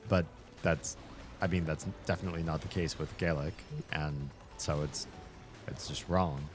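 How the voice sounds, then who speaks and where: A man's voice: extremely low pitch, fairly even intonation, moderate pace, over music. A male streamer hosting a casual chat while gaming, rambling thoughtfully and laughing often. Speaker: streamer and host.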